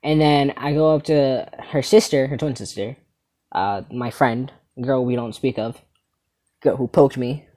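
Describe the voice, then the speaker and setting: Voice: medium pitch, a little slow, warm tone. A teenager hosting a comedy channel, telling a rambling story about school and a girlfriend while swearing casually.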